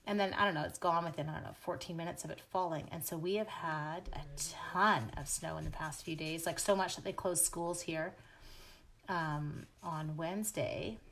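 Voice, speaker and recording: A woman's voice: lowish voice, fairly even intonation, moderate pace. A Canadian woman hosting a live craft stream from home, chatting and giggling at herself as she stamps and colors and greets viewers by name.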